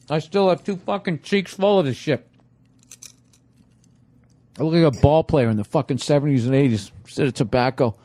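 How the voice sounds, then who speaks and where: A middle-aged man rants through a loose comedy podcast monologue, swearing freely at a medium pitch. His mouth is full as he grumbles and talks with his mouth full of food. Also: a little mellow. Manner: profane, ranting, talks while chewing food. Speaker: podcast host.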